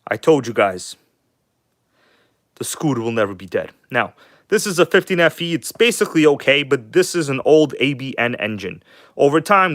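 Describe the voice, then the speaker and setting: A live-streaming man rambles on to his viewers, whom he calls "guys," in a chatty, enthusiastic and blunt manner laced with casual cursing. His middle-pitched voice is a bit bright, heard close and dry without echo.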